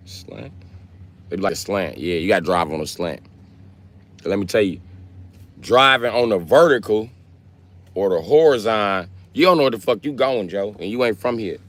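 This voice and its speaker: A man talks in a deep, low register. He streams live and jokes with his viewers in a brash, profane, trash-talking way. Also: moderate pace, long pauses. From Milwaukee, Wisconsin. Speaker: livestreamer. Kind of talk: casual live-stream chat.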